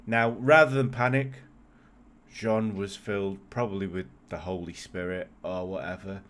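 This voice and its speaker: A man co-hosting a casual podcast, his voice sitting fairly low. He tells a history story loosely and jokes his way through it. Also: steady tone, moderate pace, fairly bright tone, a little hiss or hum. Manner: jokey, laughs often while telling a history story. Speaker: podcast co-host.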